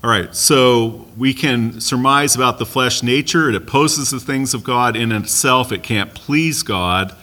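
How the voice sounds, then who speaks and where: A man's voice: mid-range voice, measured pace, hardly any pauses, sharp tone. An American man leading a Bible study class in a conversational way, asking the group questions and making light asides. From United States.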